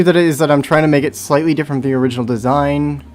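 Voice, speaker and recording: A man's voice: on the high side, steady tone, rapid-fire, hardly any pauses, faint music behind. A young man chatting casually on a livestream while playing, rambling and talking to himself. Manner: rambling, self-talk with hums and sound effects. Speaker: streamer.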